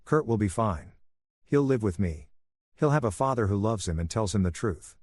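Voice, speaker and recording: A betrayed husband who stays eerily calm and controlled as he lays out his threats, as a male narrator reads his lines. The voice is low-set and steady. It is recorded close and dry, with no echo. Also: moderate pace. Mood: menacing. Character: cold, vengeful betrayed husband, adult man.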